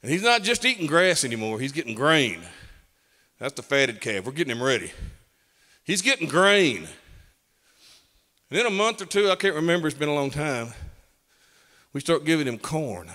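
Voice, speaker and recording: Folksy preacher in a reverberant hall. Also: male voice, on the high side, sing-song, moderate pace, long pauses, bright, forceful tone. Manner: folksy, emphatic preaching with rising bursts. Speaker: pastor. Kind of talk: sermon. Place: church sanctuary.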